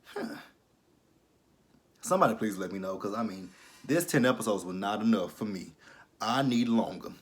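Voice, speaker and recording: Man, thirties, lower voice, casual TV recap, animated, swears. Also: moderate pace, long pauses. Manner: animated, talks back at characters, swears. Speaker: YouTube TV recap host. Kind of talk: casual episode recap review.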